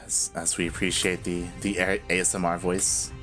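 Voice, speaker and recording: A man with a lowish voice calls a live video game match as a relaxed, chatty caster. He leans on fillers like "like" and "um" and laughs easily, with faint music underneath. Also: moderate pace. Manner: casual, chatty, filler-heavy with frequent laughs. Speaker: esports caster.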